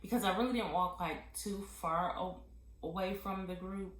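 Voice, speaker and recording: A woman vlogger telling a candid personal testimony in a heartfelt, halting way with many pauses and fillers. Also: lowish voice, reverberant, poor audio.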